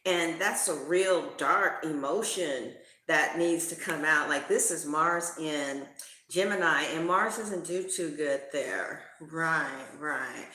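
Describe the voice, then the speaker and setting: A woman's voice: deep voice, takes it slowly, pushed and bright. A woman reading tarot cards in a casual, slangy, profane way. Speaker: tarot reader. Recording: roomy echo.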